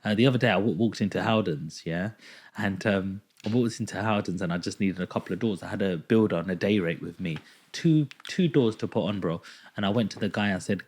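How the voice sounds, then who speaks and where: A young man chatting on a podcast, telling an animated story and acting out the dialogue in it. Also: on the low side, a little fast, breathy edge. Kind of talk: casual podcast chat.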